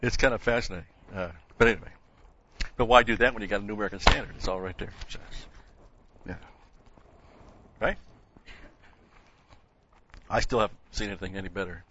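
A man's voice: on the low side, fairly quick, pauses often, bright, forceful tone, dull audio. A man teaching an informal Bible class, talking in a rambling, conversational way with folksy asides.

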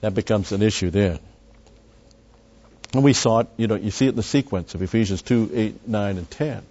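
Male Bible teacher, low voice, dull lo-fi recording, rambling asides with emphatic stresses. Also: fairly quick, mellow, husky. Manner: conversational, with frequent asides and restarts; emphatic on key words.

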